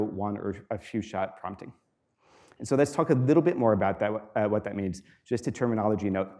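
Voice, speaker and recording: A man giving a university guest lecture in a relaxed, explanatory way, with frequent fillers, repeating students' questions aloud. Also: fairly low pitch. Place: lecture hall.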